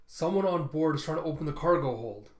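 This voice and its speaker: A man's voice: a little high, animated, fast talker, lightly acted. A man reading the lines of an earnest boy robot giving a warning in an urgent way, in a comic read-aloud. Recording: roomy echo.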